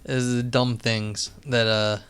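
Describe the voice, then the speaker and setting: A man's voice: medium pitch, flat delivery, a little slow, a bit bright, clear, resonant tone. A man streaming live, chatting casually and rambling with lots of fillers and restarts. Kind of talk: casual live-stream chat and reading aloud. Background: faint music.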